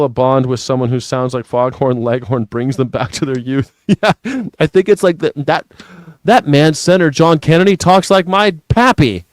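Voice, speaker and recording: A man's voice: mid-range voice, fairly even intonation, normal speed, no room sound, studio quality. A man hosting a casual news commentary show, rambling and profane, who laughs at his own jokes. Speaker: host.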